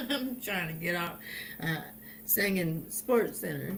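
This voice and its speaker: A woman hosts a casual inspirational vlog in a slow, unhurried drawl, swearing freely and breaking into laughter. Her voice sounds roomy and echoey, with faint background ambience. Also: medium pitch, gravelly, warm tone, slight background noise. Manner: slow, profane, laughing storytelling. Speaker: host.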